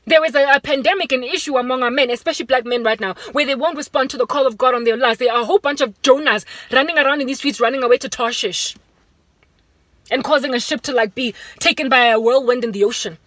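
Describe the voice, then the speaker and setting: A South African woman giving a fervent, preaching vlog monologue from inside a car, moving between urgent raised warnings and hushed appeals. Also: high voice, fast, dry recording. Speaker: Christian vlogger.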